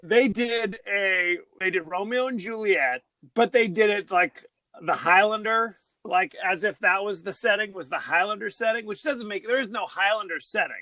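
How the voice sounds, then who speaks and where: High, bright-voiced excitable man. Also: moderate pace, dry recording. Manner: excitable, laughs often, exclaims. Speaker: podcast co-host. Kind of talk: casual chat.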